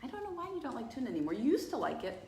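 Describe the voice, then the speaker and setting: A woman's voice: a little high, wildly swooping pitch, racing, dark tone. A middle-aged woman casually demonstrating a recipe as host of a cat cafe live stream, chatty and playful. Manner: chatty, playful, laughs often. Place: cafe kitchen. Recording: echoey kitchen with faint noise.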